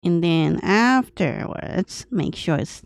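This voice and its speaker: A woman artist thinking aloud as she draws on a livestream, talking in a deliberately aged, grandma-like voice in short, broken phrases. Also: fairly low pitch, animated, smooth, no room sound, clean studio sound. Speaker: artist streaming her drawing process. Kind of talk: casual livestream commentary while drawing.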